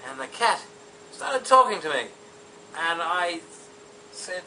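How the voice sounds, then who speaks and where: A man's voice: high voice, sing-song, slow pace, bright, forceful tone. A man telling an absurd mock-history story in a rambling, meandering way, full of ums and asides, recorded from a distance. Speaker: comedic storyteller. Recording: distant mic with faint background noise.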